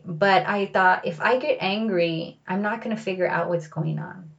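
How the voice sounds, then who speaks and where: A woman's voice: medium pitch, normal speed, vocal fry, a bit bright, highs cut off. A woman telling a personal story in a candid, reflective way, often saying "like" and "you know.".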